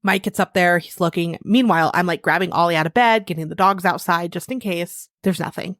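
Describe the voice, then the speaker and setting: A woman co-hosts a podcast, telling stories in a playful, animated way during casual chat. Her voice is fairly low and fairly quick, and the recording is dry with clean studio sound.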